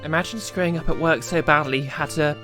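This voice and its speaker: A male streamer gives casual, joking commentary while he plays. His asides are wry and offhand. Game music plays clearly behind him. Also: fairly high pitch, steady tone, fast.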